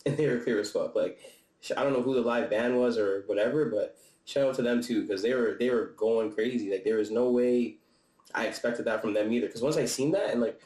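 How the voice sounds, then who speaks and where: Young male vlogger, mid-pitch, loose and slangy, a little winded, roomy echo. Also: fairly quick, darkish tone. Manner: loose, slangy and profane, with frequent laughs and restarts. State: slightly out of breath. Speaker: vlogger reviewing a concert. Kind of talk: casual chat. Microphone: camera-mounted mic.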